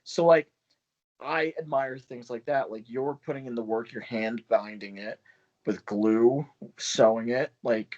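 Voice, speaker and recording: A man's voice: medium pitch, unhurried, darkish tone. A man who runs a small press, chatting loosely and swearing on a video call, laughing often. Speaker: small press publisher and poet. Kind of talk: casual video call chat. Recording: dull lo-fi call audio.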